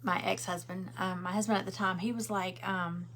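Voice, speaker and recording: A woman's voice: mid-range voice, steady tone, normal speed, a bit bright, slight background noise. Chatty woman crafting on stream. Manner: chatty and rambling, answers viewer comments. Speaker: craft livestream host. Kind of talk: casual chat while crafting.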